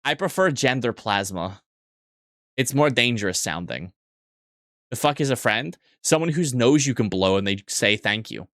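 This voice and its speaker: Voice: mid-range voice, lively intonation, normal speed, a bit bright, no echo, clean studio sound. Crude, joking livestream host. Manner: crude, joking, swears often; rambling, restarts sentences. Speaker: streamer. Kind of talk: casual livestream chat with viewers.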